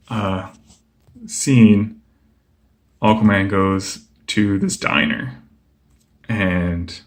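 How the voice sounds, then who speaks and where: A young man casually flipping through a comic book and chatting about each page, relaxed and rambling with lots of fillers. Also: on the low side. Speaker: comic book video host.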